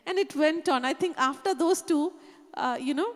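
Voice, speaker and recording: A woman's voice: high voice, moderate pace. A woman preaching, telling a personal story earnestly and often saying "you know". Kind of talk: sermon testimony. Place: church hall. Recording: long reverb of a hall.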